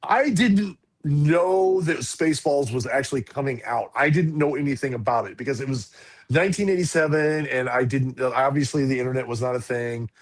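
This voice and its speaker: A man's voice: medium pitch, normal speed. A man in his forties on a podcast, telling a story in a casual, rambling way with lots of restarts and fillers. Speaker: podcast co-host.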